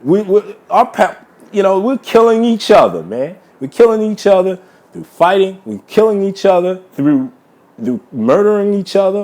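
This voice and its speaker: A man's voice: high voice, very animated, moderate pace, darkish tone. A man ranting heatedly in a monologue to his viewers, repeating himself and tacking "man" onto most sentences. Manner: heated, repetitive, addresses listeners as brothers, says man constantly. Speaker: vlogger.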